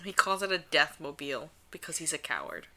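Bright, sarcastic woman with a cold. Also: deep voice, big pitch swings, a little fast. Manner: dry, sarcastic asides. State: has a cold. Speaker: podcast co-host. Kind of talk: casual recap chat.

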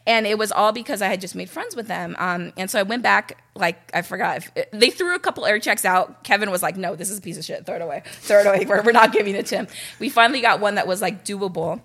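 A young woman from Los Angeles telling stories about her radio career in a casual, animated way, full of "like" and quoted dialogue. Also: mid-range voice, fast talker, few pauses. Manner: animated, chatty, heavy use of "like". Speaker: radio personality, guest. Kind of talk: casual storytelling.

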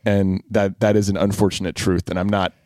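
A sincere, reflective middle-aged man talking casually as a podcast co-host. His voice is fairly low and sounds close and dry. He pauses and restarts as he works through his thoughts. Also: level tone, darkish tone, no echo. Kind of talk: casual chat.

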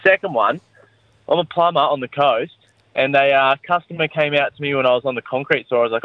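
A man's voice: a little high, animated, brisk, no echo, phone-quality sound. A man with an Australian accent leaving an indignant, ranting call-in message to a podcast. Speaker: caller.

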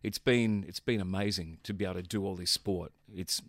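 A man's voice: deep voice, fairly even intonation, fairly quick, fairly bright tone, no echo, clean studio sound. A middle-aged Australian man, a sports announcer, telling stories as a guest in a casual chat.

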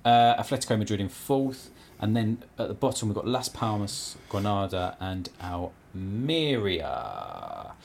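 A man on a casual football podcast, reading out results as a halting list and stumbling over team names. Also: on the low side, big pitch swings, vocal fry, a little mellow. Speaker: podcast co-host.

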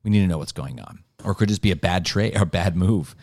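Guy with a lowish voice rambling through a sports podcast, lots of likes and ums, dry close sound. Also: fast talker, a little mellow, no room sound. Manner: rambling, full of "like" and "um". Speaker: podcast co-host. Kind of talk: casual sports chat.

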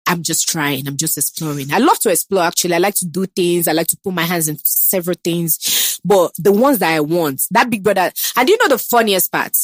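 A woman's voice: fairly low pitch, fairly quick, no room sound, clean studio sound. A young woman with a Nigerian accent, chatting in an interview about herself, confident and emphatic, slipping into Pidgin. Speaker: guest. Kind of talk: casual interview chat.

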